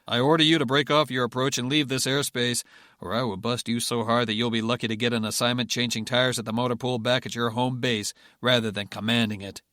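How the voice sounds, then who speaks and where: A man's voice: medium pitch, flat delivery, fairly quick, pushed and bright, no room sound, studio quality, lightly acted. A man voicing a stern male naval operations officer issuing threatening orders over the radio. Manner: threatening, commanding.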